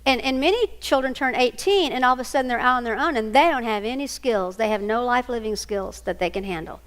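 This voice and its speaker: A middle-aged woman with a fairly high voice tells stories to an audience. She slips into different voices for the people she quotes, and her words carry a long echo from a big hall. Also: quick pace. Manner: animated storyteller, acts out quoted voices. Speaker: speaker on single parenting. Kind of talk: storytelling talk to an audience.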